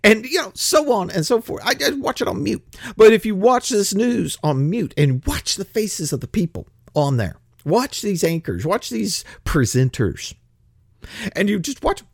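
Gravelly older man ranting. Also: high-pitched, sing-song, moderate pace, no room sound, studio quality. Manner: grumpy, blunt, swears, acts out other voices. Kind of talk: ranting monologue.

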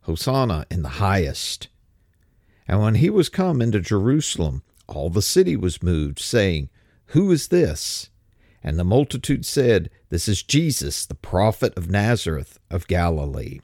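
Animated male preacher, dry close sound. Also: lowish voice, measured pace, no echo. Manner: animated, rising emphasis, rhetorical questions. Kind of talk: sermon.

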